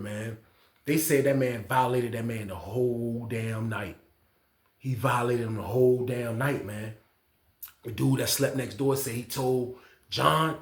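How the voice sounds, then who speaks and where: A man telling a prison story in casual slang, acting out the people he quotes with loud shouts. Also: mid-range voice, gravelly, roomy sound.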